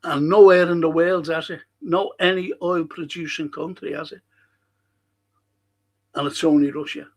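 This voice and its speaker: A man's voice: fairly high pitch, steady tone, normal speed, long pauses. A man hosting a live-streamed local history show, chatting casually with viewers, rambling and swearing freely.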